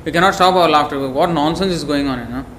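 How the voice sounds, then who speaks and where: A man's voice: on the high side, fast, fairly bright tone. A man giving a devotional sermon in an emphatic, scolding, storytelling manner. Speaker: preacher. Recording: echoey room, faint background noise.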